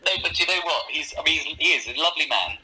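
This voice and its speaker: A middle-aged man, a comedian, chatting as a podcast guest, animated with quick asides. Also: on the high side, breathy edge, low-quality recording. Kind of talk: casual podcast chat.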